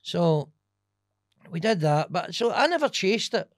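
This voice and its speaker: A man's voice: sits high, unhurried, no room sound, studio quality. A Scottish man, a stand-up comedian, telling swear-laden stories in a casual podcast chat. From Scotland. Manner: animated, swearing, laughing storyteller.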